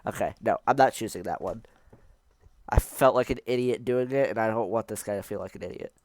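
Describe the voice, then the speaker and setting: Excitable self-mocking man gaming. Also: on the low side, a little fast, a little hiss or hum. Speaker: YouTuber playing a text adventure. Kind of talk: reading a text game aloud with running commentary.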